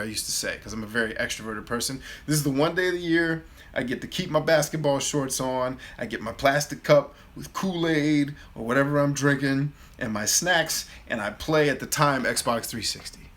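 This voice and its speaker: Man in his thirties, host, animated storyteller with a bright, forceful tone. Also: medium pitch. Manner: animated, acts out his own replies in a louder voice. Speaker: host of a live Q&A. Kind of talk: casual storytelling.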